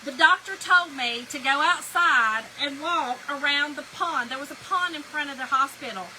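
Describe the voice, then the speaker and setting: A woman's voice: high-pitched, normal speed, pushed and bright, poor audio. A middle-aged woman, telling a story on a live stream in a chatty, laughing way and talking to viewers as y'all. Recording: background noise with a hair dryer.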